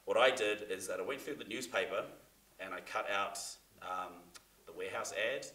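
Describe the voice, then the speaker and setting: Bright, chatty New man. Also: fairly low pitch, normal speed. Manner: chatty, many fillers and restarts. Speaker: seminar presenter. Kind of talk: casual talk to a class. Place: theatre room. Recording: echoey room, mic from far off.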